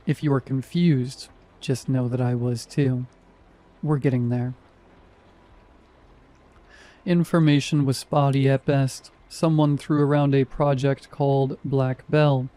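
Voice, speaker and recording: A man tells a scripted horror story in the first person, calm and measured. His voice is mellow and warm, sitting at an ordinary middle pitch.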